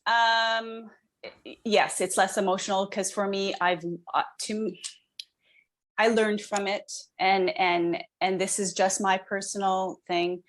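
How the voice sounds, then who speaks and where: A woman's voice: mid-range voice, fairly even intonation, unhurried. A middle-aged woman, a podcast guest, talking casually and searching for words with many restarts. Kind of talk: casual interview talk.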